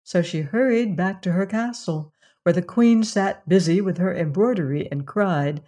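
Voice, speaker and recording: A woman narrating a fairy tale in a measured, expressive reading. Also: on the low side. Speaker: storyteller.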